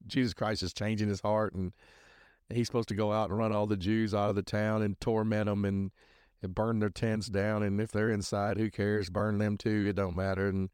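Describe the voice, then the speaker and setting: A man's voice: fairly low pitch, level tone, moderate pace, a little mellow, clear, resonant tone, no echo, studio quality. A man hosting a podcast, reviewing a show in casual, rambling talk full of fillers and restarts, speaking earnestly about his faith. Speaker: podcast host.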